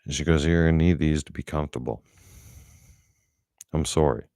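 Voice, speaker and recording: A man's voice: a bass voice, brisk, dark tone, dry recording, studio quality. A middle-aged man telling a story in a blunt, profane, angry way, as a casual vlogger.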